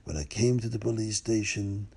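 Male storyteller, lively, chatty asides, gravelly, husky. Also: fairly low pitch, normal speed. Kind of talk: retelling a religious story.

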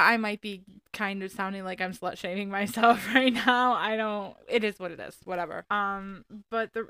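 Woman, 30s, vlogger, casual storytelling, candid, profane, smooth clear voice, dry close recording. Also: medium pitch, bright, forceful tone, no room sound. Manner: candid, profane and chatty, often laughing.

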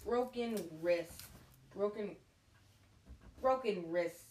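A woman voicing a stern, tough female flying teacher, loud, slow and commanding, in a roomy room with a distant mic. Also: medium pitch, a little hiss or hum. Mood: brisk.

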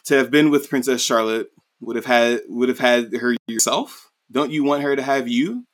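A man's voice: mid-range voice, normal speed, natural voice. A man voicing a defiant young male prisoner who taunts his captor, in a casual retelling. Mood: taunting. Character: defiant young male captive, calm and cutting.

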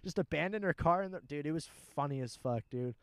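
A man's voice: on the high side, lively intonation, a little fast, clear, resonant tone, no echo. A young man in casual chat, telling a rambling, profane story and laughing often.

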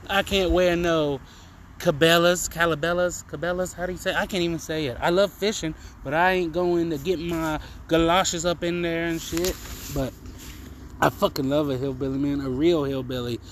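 A man ranting through a solo comedy podcast, profane and meandering and loaded with fillers. His voice sits somewhat high for a man, and there is a faint hiss of noise behind it. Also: normal speed, poor audio. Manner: profane, rambling, frequent fillers. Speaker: podcast host. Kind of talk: casual comedic monologue.

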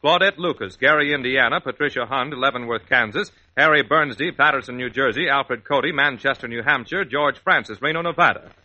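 A male radio announcer briskly reading a list of names on an old broadcast. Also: medium pitch, sharp tone, dull audio.

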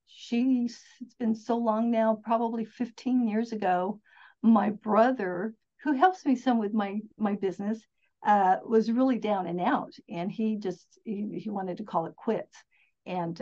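A woman's voice: mid-range voice, a little mellow. An enthusiastic woman telling stories as a podcast guest, upbeat and rambling with restarts. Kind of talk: casual interview storytelling. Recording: dull lo-fi sound.

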